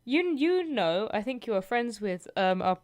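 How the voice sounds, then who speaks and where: Lively, teasing woman podcast host. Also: a little high, normal speed. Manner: teasing, laughs a lot. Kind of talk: casual podcast chat.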